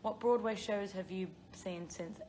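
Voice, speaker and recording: A young British woman with a mellow, medium-pitched voice speaks a little slowly, with a faint hiss or hum in the audio. She's live-streaming from her phone, answering viewer questions in a rambling, casual way with lots of fillers and giggles.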